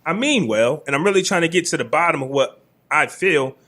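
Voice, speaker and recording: A man's voice: a little high, animated, a little fast, sharp tone. A man who is a guest on a podcast, speaking in an earnest, encouraging way in casual chat.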